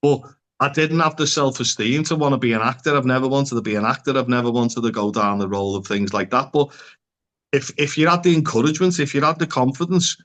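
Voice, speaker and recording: A man's voice: medium pitch, fast, a bit bright. A man speaking as a psychotherapist guest in a casual podcast conversation, talking frankly and bluntly, swearing freely and using local slang.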